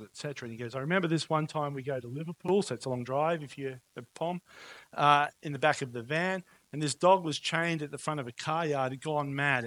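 A man's voice: fairly high pitch, a bit bright. A man preaching a sermon, telling stories in an emphatic, conversational way and often asking "right?". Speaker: pastor.

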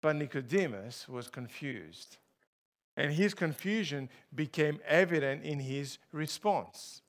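A man's voice: fairly high pitch, lively intonation, takes it slowly. A man preaching a sermon to a congregation. He speaks with emphasis and asks his listeners rhetorical questions.

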